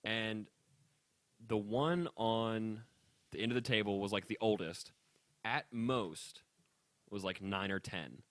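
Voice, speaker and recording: A young man co-hosting a casual podcast, ranting in an animated way and laughing often. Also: fairly low pitch, takes it slowly, pauses often, no room sound. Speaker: podcast co-host.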